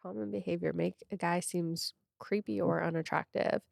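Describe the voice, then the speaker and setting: A woman's voice: on the low side, fairly even intonation, moderate pace, gravelly, a little mellow, no echo, clean studio sound. A young woman co-hosting a casual podcast chat who laughs often and acts out quotes. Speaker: podcast co-host.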